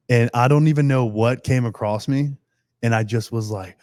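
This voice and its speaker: A man's voice: medium pitch, fairly even intonation, normal speed, dark tone, no echo, studio quality. A young man, a pro football player, telling stories as a podcast guest, rambling and laughing often, with casual cursing.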